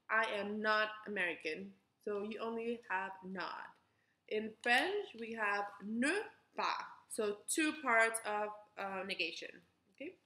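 A young adult woman teaching a beginner French class, switching between French and English and slowing down to model pronunciation. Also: fairly high pitch, pushed and bright, roomy sound. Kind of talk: recorded class lesson.

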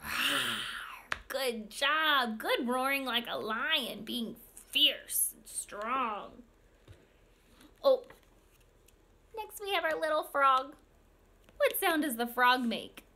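A woman's voice: high-pitched, animated, takes it slowly, long pauses, sharp tone. A young woman reading a picture book to young children in an exaggerated sing-song voice, making animal sounds. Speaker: speech language pathologist.

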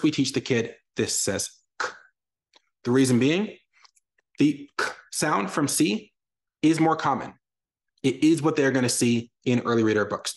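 A young adult man, a reading educator, giving a lively online lesson for parents and answering their questions. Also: medium pitch. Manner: energetic, explains with sound examples. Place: lives in Texas.

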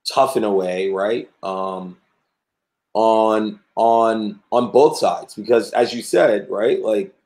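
A man hosting an interview podcast, recapping and framing questions in a halting way with many repeated words. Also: fairly low pitch, darkish tone. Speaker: podcast host. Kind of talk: conversational interviewing. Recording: roomy echo.

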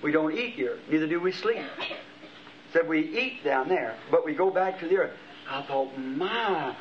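Animated and fairly high in pitch, a middle-aged preacher tells a vision as a story during his sermon, his exclamations rising with passion. He speaks at normal speed, captured on dull, lo-fi archival tape.

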